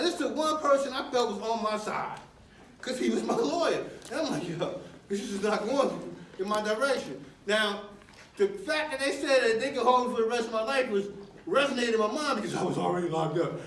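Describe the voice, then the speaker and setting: A man with a high voice tells his own story to a live audience in loose, slangy conversation, laughing often. He sits back from the mic in an echoey room with a faint hiss behind him. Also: far from the mic. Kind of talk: live personal storytelling talk. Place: university lecture room with audience.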